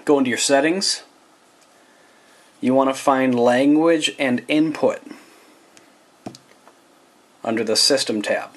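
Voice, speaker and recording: Regular-pitched guy doing a laid back phone tutorial, rambly, keeps talking to "you guys". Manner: chatty, talks straight to viewers as "guys"; loose and rambling, with restarts and asides. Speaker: tech reviewer.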